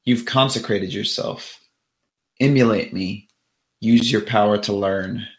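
A man voicing a creepy male sorcerer who speaks in a slow, insinuating, cryptic manner. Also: on the low side, close to an everyday voice. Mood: sinister, musing.

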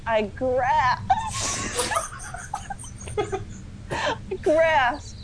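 A woman's voice: medium pitch, expressive, drawn-out words, background noise. A woman podcast host doing a comic dramatic reading of a story, often breaking into laughter as she reads.

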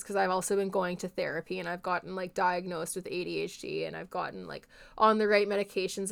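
Smooth-voiced woman rambling on a podcast. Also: mid-range voice. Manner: rambling, heartfelt, filler-heavy speech. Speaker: podcast host and horse trainer. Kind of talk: casual stream-of-consciousness podcast monologue.

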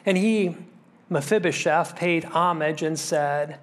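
Pastor, male, higher register, slow deliberate preaching delivery, uses repetition and hushed moments. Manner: emphatic preaching, dropping to a hush for key lines; repeats phrases for rhythm. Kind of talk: sermon.

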